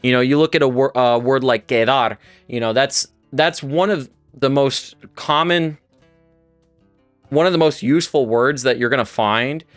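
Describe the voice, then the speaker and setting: A man's voice: medium pitch, normal speed, no echo, soft background music. A man teaching Spanish on a livestream, chatty and loose, with many restarts and fillers. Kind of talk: casual livestream lesson.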